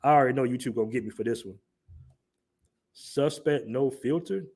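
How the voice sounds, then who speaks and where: Here's a young adult man from the American South, with an African American Vernacular English accent, running a livestream. His medium-pitched voice has a darkish tone and moves at a moderate pace. Loose, joking, and full of slang, he reads the chat aloud as he goes.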